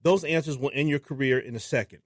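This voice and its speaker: A man, a filmmaker guest on a radio show, talking in a casual, animated way and acting out what people said to him. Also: medium pitch, fast talker, no room sound, clean studio sound. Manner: animated storyteller who acts out quotes. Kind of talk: casual interview talk. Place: radio studio.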